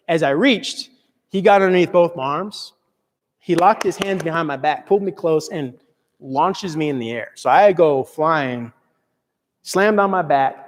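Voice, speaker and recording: A young man, a motivational speaker, telling a personal story with earnest, dramatic swings between loud and soft. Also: on the high side, big-room sound. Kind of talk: storytelling talk to an audience.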